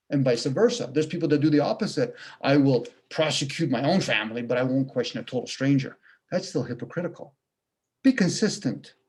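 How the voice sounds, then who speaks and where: Guy ranting on a zoom call, cussing, lots of rhetorical questions, kinda high but mellow voice. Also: husky. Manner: blunt, profane, rhetorical questions. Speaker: video call participant sharing views. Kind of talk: casual ranting monologue. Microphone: video call.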